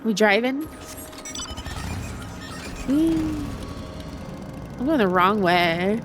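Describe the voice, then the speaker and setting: A woman's voice: on the high side, expressive, extremely slow, over music. Chatty congested woman streamer. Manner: chatty, rambling, chats with viewers. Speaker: game streamer. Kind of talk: casual let's-play commentary.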